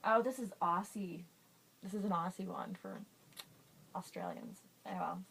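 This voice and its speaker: Female vlogger, unhurried and giggly, home webcam sound with slight background noise. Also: lowish voice, very animated, creaky, a bit bright, rough recording. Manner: giggly, self-conscious, drawn-out reading. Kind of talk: casual word-list reading vlog.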